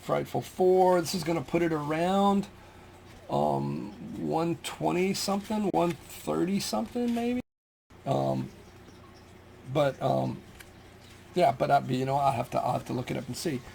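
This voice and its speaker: Man, middle-aged, very gravelly, rambling casual chat, restarts often, faint background noise. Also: a little high, unhurried, darkish tone. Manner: rambling, many ums and restarts. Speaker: comic collector showing his finds. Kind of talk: casual show-and-tell chat.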